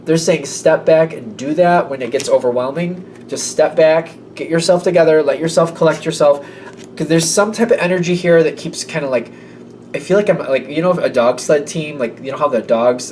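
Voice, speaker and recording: A man with a fairly high, darkish voice reads tarot at a brisk clip, rambling casually and sometimes acting out little voices. Faint room noise comes through a slightly distant mic.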